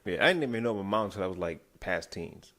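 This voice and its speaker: Deep gravelly man rambling through a story. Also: racing, fairly bright tone. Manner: rambling storyteller with many restarts. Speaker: podcast co-host. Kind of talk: casual comedic chat.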